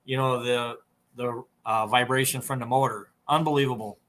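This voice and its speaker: A man's voice: medium pitch, fairly even intonation, normal speed, a bit bright, a little hiss or hum. A man with an Upper Midwest American accent, a snowmobile tuner telling long, rambling stories as a podcast guest, full of fillers and restarts. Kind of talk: casual storytelling interview.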